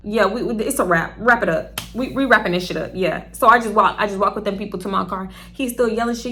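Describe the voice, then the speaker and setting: A young woman vlogger telling a story in a blunt, profane, animated way. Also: mid-range voice, quick pace, hardly any pauses. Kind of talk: casual storytelling.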